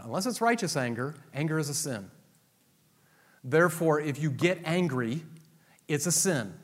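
A man preaching a sermon with humor, acting out quotes and laughing at his own jokes, pastor leading a congregation. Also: medium pitch. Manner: animated, humorous, acts out quotes. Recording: long hall reverb.

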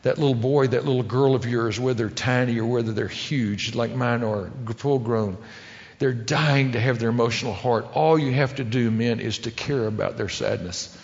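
A middle-aged man preaching a sermon to men, telling family stories in a folksy, emotional way that swings between loud and hushed. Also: medium pitch, moderate pace, gravelly. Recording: dull sound with long hall reverb.

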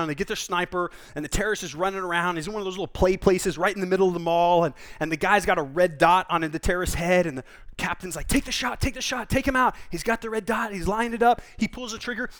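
A man preaching a sermon as pastor, telling stories in a conversational, animated way with quick asides. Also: high-pitched.

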